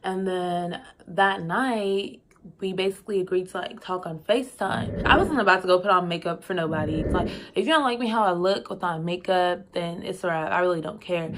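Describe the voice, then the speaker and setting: A young woman telling a casual storytime, chatty and expressive with slangy asides and frequent laughs. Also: lowish voice, moderate pace, a little hiss or hum. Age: young adult. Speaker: vlogger.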